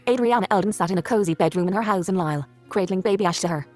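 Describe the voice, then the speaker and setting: A woman's voice: medium pitch, racing, a little mellow, soft background music. A woman reading the text of a story game aloud in a plain voice, now and then restarting lines.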